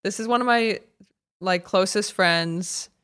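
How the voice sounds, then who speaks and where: A woman co-hosting a podcast in casual chat, joking and self-deprecating with quick asides. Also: medium pitch, fairly bright tone, clean tone. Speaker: podcast co-host. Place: remote call.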